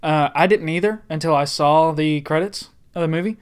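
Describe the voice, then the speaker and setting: A man's voice: fairly high pitch, normal speed, smooth. A man chatting casually on a podcast, enthusiastic and rambling with frequent restarts. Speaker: podcast co-host.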